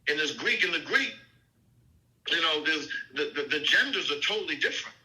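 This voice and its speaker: A man's voice: a little high, animated, a little fast, sharp tone, low-quality recording. A man teaching scripture in an informal, emphatic way, often checking in with "okay?" and "you see?".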